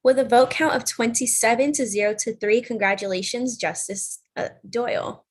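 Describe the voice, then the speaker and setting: A woman's voice: fairly high pitch, normal speed. A young woman presiding over a student senate meeting, running motions in a procedural but casual way. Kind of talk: chairing a meeting.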